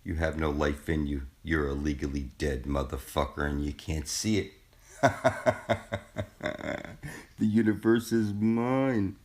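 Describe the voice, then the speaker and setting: A man's voice: rumbling low, normal speed, few pauses, darkish tone. A man delivering a threatening, profane monologue as a channel host, taunting and contemptuous. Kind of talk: menacing monologue to camera.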